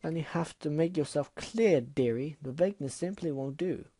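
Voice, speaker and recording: A haughty, posh female unicorn , as a man puts her on, with a raised, mellow voice. She drawls her words with prim condescension, and the sound is close and dry, like a home fan reading of a storybook. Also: fairly high pitch, moderate pace, breathy edge, no room sound.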